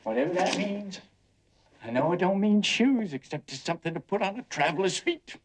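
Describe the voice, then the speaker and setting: A man's voice: high-pitched, lively intonation, brisk, a little hiss or hum. An actor playing a dreamy, restless young man, brooding and bitter, in a 1950s film. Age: young adult. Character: restless young man yearning to leave home. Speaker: restless son.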